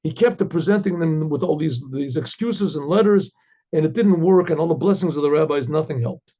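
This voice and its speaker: A rabbi telling a religious story in a rambling way, with many restarts and throat-clearing, on a dull lo-fi recording. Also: male voice, fairly high pitch, fairly quick, mellow.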